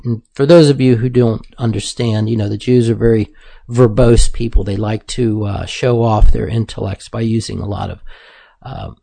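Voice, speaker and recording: A man's voice: mid-range voice, darkish tone. Host rambling to his listeners, casual, lots of uhs. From United States. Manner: conversational, keeps saying "folks", many fillers. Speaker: commentator host. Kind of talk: casual monologue commentary.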